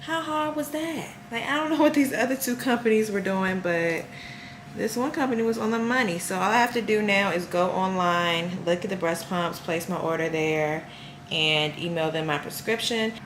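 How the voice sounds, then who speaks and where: A woman's voice: medium pitch, moderate pace, a bit bright. A woman vlogging in a casual, chatty way, telling her story with amused exasperation. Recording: roomy, faintly noisy room.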